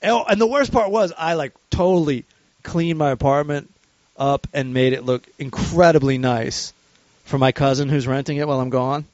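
A man's voice: a little high, moderate pace, a little mellow, no echo, highs cut off. A man in casual podcast chat who swears freely and laughs often. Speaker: podcast host.

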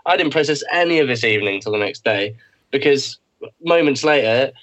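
A man's voice: mid-range voice, lively intonation, fairly quick, a bit bright, rough recording. Man telling a rambling story. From England. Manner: laughs through his story, rambling. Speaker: podcast co-host. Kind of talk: casual chat, telling an anecdote.

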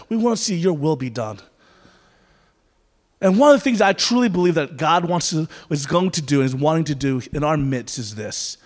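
A man preaching a sermon as pastor, conversational with playful asides that turn to earnest prayer, in a church sanctuary. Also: on the high side. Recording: reverberant church hall.

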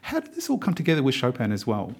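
A man hosting an interview, asking measured conversational questions. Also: medium pitch, huge pitch swings, gravelly, darkish tone, breathy edge. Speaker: interviewer host.

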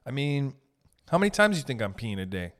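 A young man telling comic stories in a loose, profane rant, riffing with quick asides. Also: mid-range voice, sing-song, a bit bright. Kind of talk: comedic storytelling rant.

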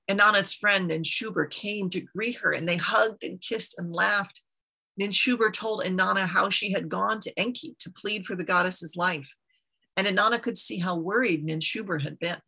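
A woman telling an old myth aloud, unhurried, dropping casual asides to her listeners. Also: medium pitch, gravelly, bright, forceful tone, slightly rough, low-quality recording. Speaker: storyteller.

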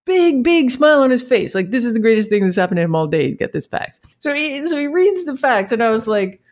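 A woman telling a work story to an interviewer in an animated, anecdotal way, laughing often as she goes. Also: a little high, a little fast. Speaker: marketing leader.

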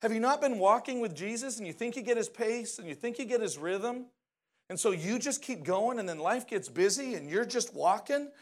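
A man preaching a conversational sermon in a lively way, often asking the audience questions. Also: high voice, normal speed.

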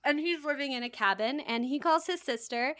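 A woman's voice: high-pitched, a little fast, no echo, studio quality. A woman co-hosting a podcast, chatting casually and wryly with lots of fillers. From United States. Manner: animated, wry, many fillers like "like". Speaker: podcast co-host. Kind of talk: casual chat.

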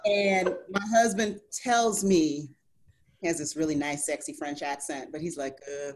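A woman co-hosting a podcast, chatting casually in a lively, playful way. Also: sits low, measured pace. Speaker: podcast co-host. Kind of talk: casual chat.

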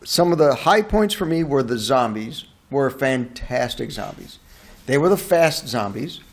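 A man hosting a casual movie podcast, ranting in an animated way and swearing freely. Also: mid-range voice, a little slow, gravelly. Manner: animated, profane, incredulous ranting. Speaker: podcast host and movie reviewer.

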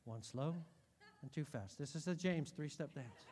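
Animated preaching man in a big hall. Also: fairly high pitch, moderate pace, slight background noise. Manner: animated preaching, swinging from hushed to shouting. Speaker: pastor. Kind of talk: sermon. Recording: long hall reverb.

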